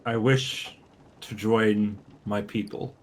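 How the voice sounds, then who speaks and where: A man delivers earnest, measured in-character speeches at a very slow pace. His voice sits low. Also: fairly even intonation. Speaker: player.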